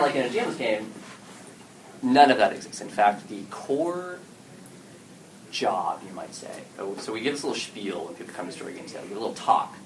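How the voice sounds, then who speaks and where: A man giving a casual talk to an audience at an event about story games, speaking animatedly and acting out what players and game masters say. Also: lowish voice. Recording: distant mic with clear background noise.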